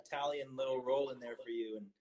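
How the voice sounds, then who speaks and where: A man chatting casually as a guest on a phone live stream, relaxed, explaining things for viewers with many fillers. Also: mid-range voice, quick pace.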